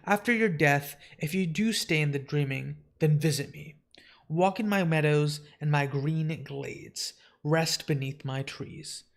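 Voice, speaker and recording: A man reading as a solemn dream lord. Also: a little high. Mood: gentle. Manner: grave, measured, formal.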